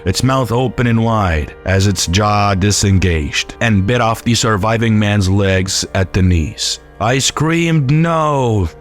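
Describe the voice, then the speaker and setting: A man telling a first-person horror story in a steady, scripted narration. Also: fairly low pitch. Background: faint background music.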